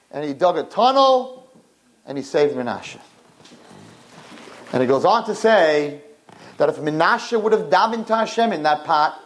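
A man delivering a sermon in a high voice that swings widely as he tells a story. He uses dramatic storytelling and hammers his points home with emphatic repetition. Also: expressive, normal speed, pauses often, rough recording. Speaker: religious teacher addressing girls.

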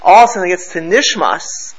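A man's voice: high-pitched, expressive, brisk, husky, dull audio. A man teaching a Torah class to a live group, telling stories animatedly and mixing Hebrew and Yiddish terms into his English.

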